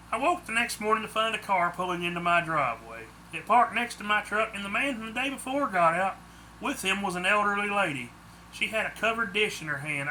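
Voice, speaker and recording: A man's voice: high voice, sharp tone, slight background noise. A man narrating his own book in the first person, plain audiobook storytelling.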